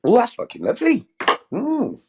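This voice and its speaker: A man's voice: extremely high pitch, huge pitch swings, moderate pace, creaky, warm tone, husky. A man hosting a casual livestream, talking straight to his chat in a sweary, effusive, rambling way. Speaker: livestream host.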